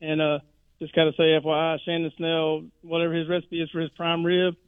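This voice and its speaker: Male caller, higher voice, chatty storyteller, heard over a narrow phone line. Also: monotone, fairly quick, clear, resonant tone, dry recording. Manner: rambling storyteller who acts out quotes. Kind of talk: phone-in chat.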